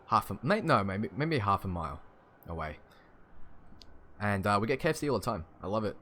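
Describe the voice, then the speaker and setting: Australian man, young adult, lowish voice, laid-back streamer chat, faint background hiss. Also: big pitch swings, a little fast, sharp tone. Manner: chatty and laid-back, chuckling often. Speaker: game streamer answering chat. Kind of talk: casual live-stream chat.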